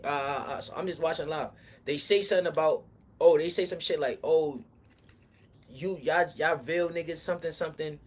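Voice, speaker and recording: A young man from Harlem, telling a long street story on a livestream in a rambling, slang-heavy way that swings from low muttering to loud heated bursts. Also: husky. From Harlem, New York.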